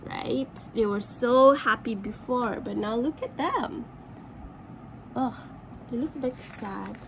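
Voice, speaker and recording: A woman's voice: a little high, a little hiss or hum, low-quality recording. A woman from Malaysia, a teacher, reading a picture book aloud to children with chatty asides about the pictures. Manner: chatty asides to young listeners, pointing at pictures.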